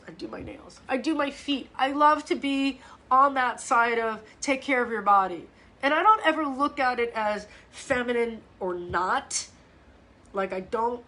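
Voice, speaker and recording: A middle-aged woman, a fitness coach, chatting casually on a live stream in a blunt, profane and animated way, with lots of restarts. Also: on the high side.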